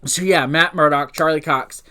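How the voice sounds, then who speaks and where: Excitable man gushing in a movie review. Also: a little high, normal speed. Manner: excitable, swears freely, gushing fan; rambling with restarts and filler. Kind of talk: casual unscripted review.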